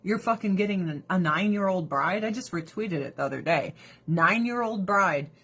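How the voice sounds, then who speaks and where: A woman with a slightly husky voice talks through her skincare routine. Her pitch leaps up and down as she rants with profanity and sarcasm and slips into mocking impressions. The delivery is loose and casual, like an off-the-cuff vlog. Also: normal speed. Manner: animated, drops into mocking voices. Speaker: vlogger.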